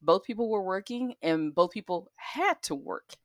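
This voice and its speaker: A woman's voice: mid-range voice, moderate pace, no echo, studio quality. A middle-aged woman co-hosting a podcast, chatting casually and telling stories with plenty of laughter. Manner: animated, laughing storyteller who acts out quoted voices. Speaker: podcast co-host. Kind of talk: casual chat.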